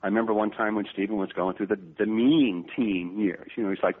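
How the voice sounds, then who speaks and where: Man in his fifties, husky voice, jokey storyteller, thin phone-line sound. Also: on the low side, fairly even intonation, brisk, hardly any pauses. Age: 50s. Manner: jokey, does impressions, repeats words. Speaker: guest. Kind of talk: animated storytelling interview. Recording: tinny phone-line audio.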